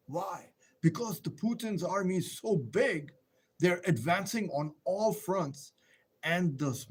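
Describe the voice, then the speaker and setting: A man talking loosely to his viewers on a live stream. His delivery is rambling and emphatic, and it leans on rhetorical questions. He stops now and then to answer comments from the chat, at an ordinary middle pitch. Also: breathy edge.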